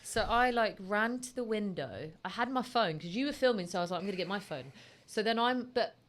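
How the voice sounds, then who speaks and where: Woman co-host, casual chat, lively storytelling, does her own voice in quotes. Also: fairly high pitch, fairly quick. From United Kingdom. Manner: animated, acts out her own reactions in quotes. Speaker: podcast co-host.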